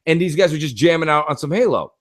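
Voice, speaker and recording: A young man from the United States co-hosting a gaming podcast, rattling through his stories at a quick clip. His voice sits a bit high for a man, and he acts out his friends' shouts and swears freely. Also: lively intonation. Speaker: podcast co-host. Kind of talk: casual gaming podcast chat.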